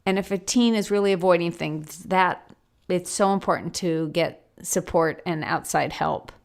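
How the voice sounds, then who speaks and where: A woman hosting a podcast as a physician, explaining in an earnest, informative way. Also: fairly low pitch.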